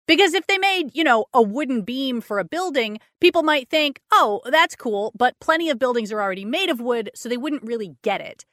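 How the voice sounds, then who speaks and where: A woman's voice: a little high, bright, forceful tone, no room sound, studio quality. A woman co-hosting a casual podcast, reading out science articles with joking asides. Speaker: co-host.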